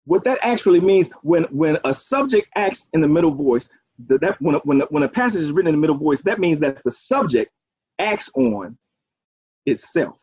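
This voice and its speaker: A man's voice: on the high side, big pitch swings, normal speed, a little mellow, husky, dry recording. A man preaching a sermon, using folksy asides and a string of "okay"s. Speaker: pastor. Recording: dull, dry, muffled sound.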